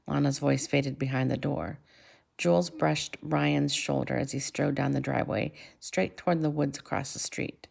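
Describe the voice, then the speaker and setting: A woman reading a children's novel aloud in a measured way, slowing and dropping to a hush for effect. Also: extremely low pitch, fairly even intonation, creaky. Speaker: reader.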